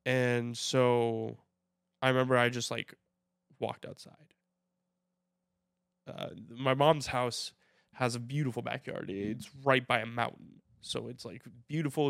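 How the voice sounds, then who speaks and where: A young man co-hosting a podcast, speaking in a reflective, halting way with frequent restarts. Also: medium pitch, gravelly, a bit bright, smooth, dry recording, clean studio sound. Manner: reflective, halting with repeated starts. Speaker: podcast co-host. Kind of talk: casual chat.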